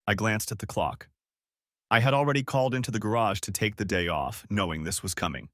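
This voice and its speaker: A man narrating a first-person audio story in a measured, calm manner. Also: lowish voice, no echo, studio quality.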